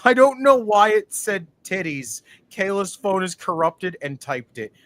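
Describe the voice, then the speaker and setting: A man co-hosting a wrestling watch-along, reacting casually with frequent swearing and sudden loud outbursts. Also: sits high, sing-song, unhurried, hardly any pauses, no echo.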